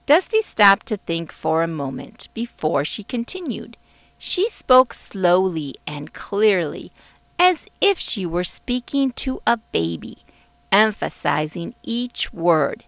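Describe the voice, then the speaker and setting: Slow, expressive woman reading a storybook. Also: fairly low pitch, vocal fry, no room sound. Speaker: author reading her book. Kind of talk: audiobook narration.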